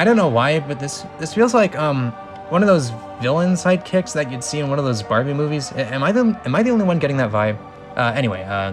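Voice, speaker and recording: A young man reading a film script aloud, breaking off to joke and apologize in a self-mocking way. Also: medium pitch. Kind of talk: script reading with casual commentary.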